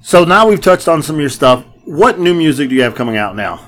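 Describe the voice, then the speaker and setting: A man's voice: on the high side, big pitch swings, a little fast, fairly bright tone, slight background noise. A man hosting a casual interview, laid-back and joking with his guests. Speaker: podcast host.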